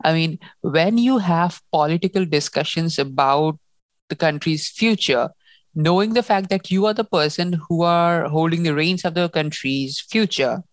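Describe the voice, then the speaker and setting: A young woman in casual book chat, animated and laughing often as she acts out lines. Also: deep voice, moderate pace, no echo. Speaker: book discussion host.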